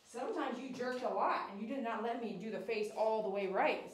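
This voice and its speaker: A woman groomer with a somewhat high voice talks in a coaxing, sing-song way to a dog on her table. She turns bright and cheery as she greets and thanks her live viewers. The room around her is echoey. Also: fairly quick. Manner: cheery, loud sign-off reading viewer comments. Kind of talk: soft talk to a dog while grooming, then upbeat chat with live viewers.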